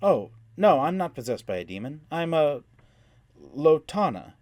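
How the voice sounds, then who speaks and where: A man's voice: on the high side, very animated, normal speed, a little mellow, no echo, voice pushed up. A man voicing a hesitant, slightly whiny young woman mage in an audiobook. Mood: flustered. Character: nervous young woman mage, new player.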